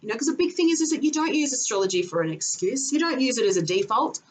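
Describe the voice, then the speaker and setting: A woman's voice: on the high side, lively intonation, fast talker, a little hiss or hum, low-quality recording. A middle-aged woman giving a casual astrology lesson, emphatic and repetitive, now and then swearing. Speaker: astrology teacher. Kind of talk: casual teaching talk to camera.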